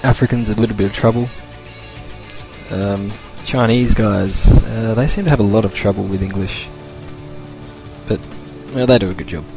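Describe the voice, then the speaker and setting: A man's voice: lowish voice, moderate pace, long pauses, music in the background. A young Australian man hosting a casual solo podcast, rambling loosely and chuckling as he talks. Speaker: podcast host.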